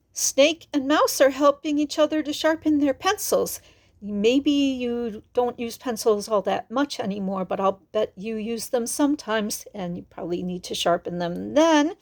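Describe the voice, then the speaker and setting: Chatty woman reading a picture book aloud. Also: medium pitch. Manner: chatty, explaining words, friendly asides. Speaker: children's book reader.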